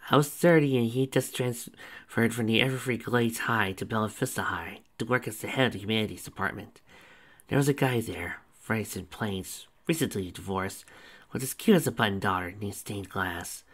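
A nonchalant, whimsical mature woman, a school principal, speaks in a low register, as a man reads her lines. The reading stays relaxed and conversational, and the voice sits below most men's. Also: normal speed, natural voice. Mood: reminiscing.

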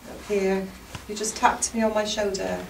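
A woman's voice: mid-range voice, flat delivery, normal speed. Woman asking spirits questions in echoey ruin. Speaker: paranormal investigator. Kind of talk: ghost-hunt calling out. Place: old castle ruin at night. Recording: echoey stone room from far off, clear noise.

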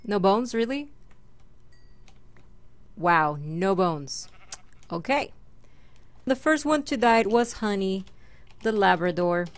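A woman's voice: mid-range voice, lively intonation, takes it slowly, long pauses. A young woman chatting her way through a Minecraft let's play, talking to mobs and her pet and squealing when startled. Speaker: gaming channel host.

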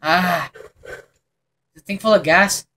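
A man giving let's play commentary on a horror game, excitable and profane, with jumpy reactions. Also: high voice, slow pace, a little hiss or hum, poor audio. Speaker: gameplay commentator.

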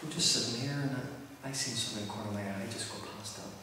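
A man's voice: mid-range voice, racing. Irish man calling out in an echoey room. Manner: calls out loudly to spirits, then hushed and excited. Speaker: paranormal investigator. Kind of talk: ghost-hunt investigation. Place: old building at night. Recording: echoey room, mic from far off, faint noise.

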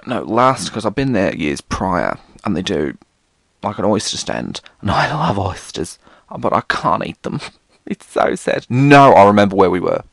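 A man's voice: on the low side, very animated, a little slow, gravelly, fairly bright tone, no room sound. A British man hosting a solo podcast, rambling casually and theatrically, swearing often. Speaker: podcast host.

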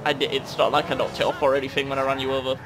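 A young man doing loud, excitable game commentary, often yelling at the screen. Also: mid-range voice, very fast. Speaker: gaming YouTuber.

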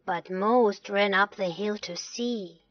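Woman, storybook narration, slow, expressive, dull lo-fi recording, dry. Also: medium pitch, no echo.

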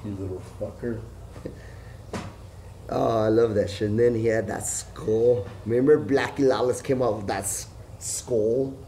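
Middle-aged guy rambling on and on, swearing a lot, yells then mumbles, voice sits mid-pitch. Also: measured pace, slight background noise. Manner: profane, repetitive and excitable, swinging between loud outbursts and low mutters. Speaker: vlogger. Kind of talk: rambling personal monologue.

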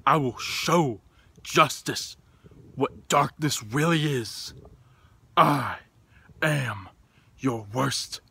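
A man playing a boastful, menacing wrestling villain who brags grandly and builds to roaring shouts in a wrestling promo. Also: mid-range voice, extremely slow, vocal fry, long pauses, breathy edge, heavily acted.

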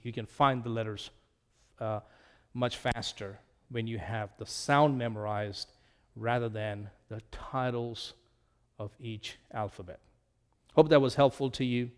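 A middle-aged man teaching a lesson at a whiteboard, speaking slowly and patiently and repeating words so learners can drill them. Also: mid-range voice, long reverb tail.

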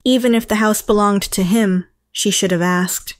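A woman narrating a first-person family story in an even, matter-of-fact way. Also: mid-range voice, moderate pace, no echo, clean studio sound.

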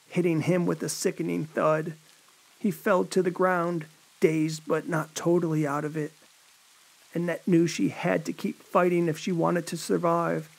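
A man's voice: a little high, vocal fry. A man narrating a horror story in a dramatic storytelling manner. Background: rain.

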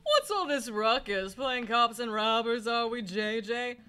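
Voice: medium pitch, lively intonation, unhurried, heavy background noise, close to an everyday voice. A player voicing a smug, prying male bird lawyer who speaks coolly.

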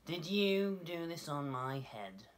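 A man voicing a short-sighted, indignant little male mole in a children's storybook reading, asking his questions in a high, slow, plaintive way. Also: big pitch swings.

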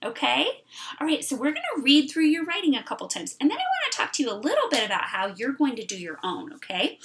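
Female teacher, middle-aged, talks slowly to young children and sounds out words; animated, somewhat high voice. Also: noisy background. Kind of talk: online kindergarten writing lesson.

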